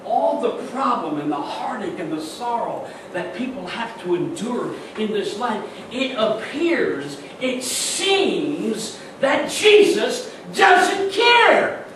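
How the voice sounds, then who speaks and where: A man preaching a sermon earnestly, swinging from loud emphatic peaks to soft reflective asides with frequent restarts, recorded from a distant mic in an echoey church with background noise. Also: very high-pitched. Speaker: pastor. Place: church sanctuary.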